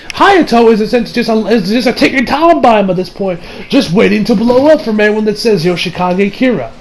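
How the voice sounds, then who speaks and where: A man reviewing an anime episode in an excitable, rambling casual recap, acting out the scenes. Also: high-pitched, slight background noise, poor audio.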